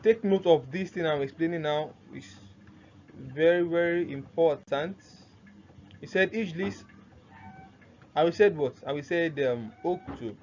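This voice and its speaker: A man delivers a grammar lesson, his voice sitting a little higher than most. He keeps posing questions and answering them himself, and he repeats the key terms. The recording is dull and lo-fi, with a faint hiss underneath. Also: a little slow, a little mellow. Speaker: Arabic grammar teacher. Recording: muffled lo-fi sound, faint noise.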